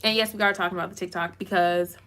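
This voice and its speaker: A woman's voice: on the low side, fairly even intonation, fast talker, a bit bright. A woman YouTuber doing live commentary and reading comments, talking emphatically and repeating herself for emphasis. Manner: self-described goofy.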